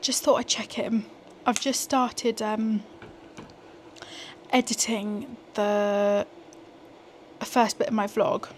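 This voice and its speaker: A young, pregnant British woman vlogs casually into a small handheld gimbal camera, at home indoors and while walking outside, tossing in self-deprecating asides. Her mid-range voice stays fairly even, and she speaks slowly with long pauses. There's slight background noise.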